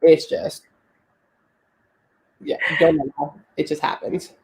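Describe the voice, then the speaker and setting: A woman's voice: low-pitched, little pitch movement, slow, darkish tone. Chatty young woman telling stories. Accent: Southern US. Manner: chatty storytelling, laughs often. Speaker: co-host. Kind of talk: casual chat.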